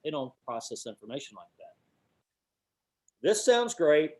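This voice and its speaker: Animated man teaching and telling stories. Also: a little high, measured pace. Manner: animated storyteller, hoots owl calls with his voice. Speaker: guest instructor, call maker. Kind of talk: webinar teaching with storytelling.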